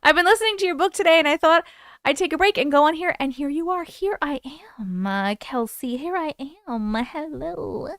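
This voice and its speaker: A woman's voice: sits high, expressive, a little fast, a bit bright, no room sound, clean studio sound. A woman in her thirties hosting a livestream, chatting playfully with viewers and reading their stories aloud. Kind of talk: casual live chat and story reading.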